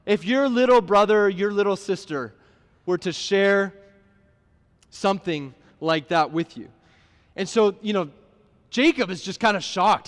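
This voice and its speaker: A man's voice: sits high, expressive, normal speed. A man preaching a sermon in a conversational way, often asking the listeners questions and restarting his words. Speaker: pastor. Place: church sanctuary. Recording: long hall reverb.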